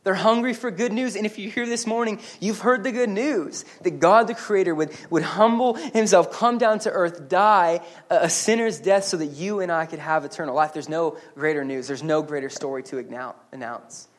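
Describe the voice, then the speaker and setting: Animated joking male pastor preaching. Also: sits high. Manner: animated and humorous, with quick restarts and asides. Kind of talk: sermon. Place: church service.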